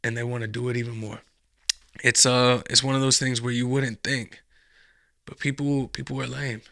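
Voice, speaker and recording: A man's voice: mid-range voice, flat delivery, moderate pace, vocal fry, sharp tone, no room sound, clean studio sound. A man hosting a reaction show, giving blunt, profane commentary on a video clip.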